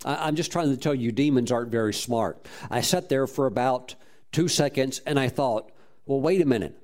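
A man's voice: medium pitch, normal speed, darkish tone. A man preaching a sermon as a pastor, telling a story with fervent praise and frequent restarts. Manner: repeats words while restarting phrases.

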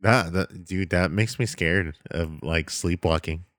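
A man's voice: deep voice, a little slow, fairly bright tone, no room sound, studio quality. A young adult man in casual chat who jokes, rambles and swears freely.

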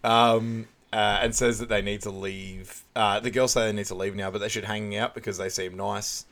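Low-voiced man, laid-back chat. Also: level tone, normal speed, fairly bright tone. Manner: laid-back, laughs often, acts out quoted lines. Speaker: podcast co-host. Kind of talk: casual film recap chat.

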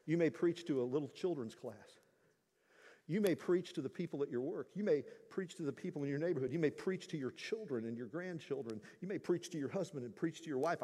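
A man's voice: high voice, darkish tone, in a large hall. A male pastor preaching a sermon in an emphatic, conversational way, weaving in stories and asides.

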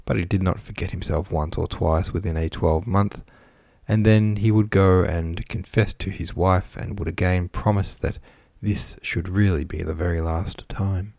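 A man narrating a classic novel as an audiobook in a measured, even reading style. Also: deep voice, creaky, dry recording, studio quality.

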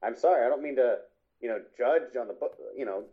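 A man's voice: mid-range voice, a little fast. Enthusiastic man on a dull mic. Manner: enthusiastic, rambling, restarts sentences. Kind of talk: casual chat about animated films. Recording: muffled lo-fi mic.

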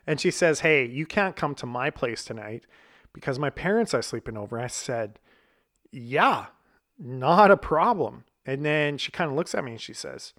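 Thirtysomething guy telling a story, swears a lot, laughs at himself, normal pitch. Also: lively intonation, a little fast, a bit bright. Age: 30s. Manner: blunt and profane, laughing at himself. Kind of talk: casual storytelling.

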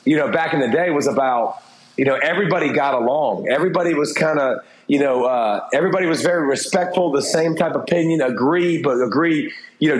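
A middle-aged man talking candidly as an interview guest, rambling with restarts and fillers. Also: on the high side. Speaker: interview guest, former TV football analyst. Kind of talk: casual interview talk. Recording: roomy echo.

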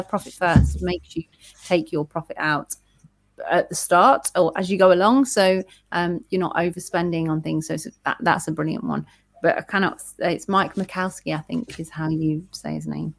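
A woman's voice: on the low side, creaky, dry recording. Chatty woman podcast host, dry sound. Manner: chatty, quick restarts and fillers. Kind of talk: casual chat.

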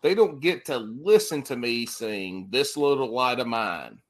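A man hosting a podcast, bantering crudely and laughing loudly with his guests. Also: medium pitch, animated, a little slow. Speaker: podcast host. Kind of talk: casual chat.

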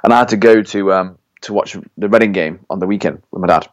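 A man's voice: low voice, quick pace. A young man co-hosting a podcast, rambling and swearing as he vents in casual chat. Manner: swears freely, rambling venting. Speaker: podcast co-host.

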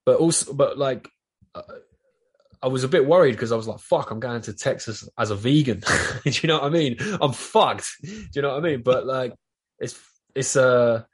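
There's a breathy edge to this man's medium-pitched voice, and he talks at a normal speed. A guest on a podcast with a South East London accent, he rambles through a casual chat full of swearing.

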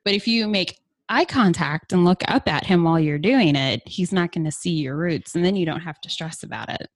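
A woman's voice: fairly low pitch, expressive, brisk. A middle-aged woman from Kentucky with a Southern accent, chatting candidly and playfully as a podcast guest, often laughing. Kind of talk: frank casual chat.

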